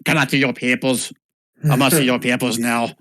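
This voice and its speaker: A man's voice: sing-song, normal speed, sharp tone, dry recording, heavily acted. A man voicing a nervous, fussy male orphanage receptionist in a tabletop game. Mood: insistent. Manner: flustered, stammering, high.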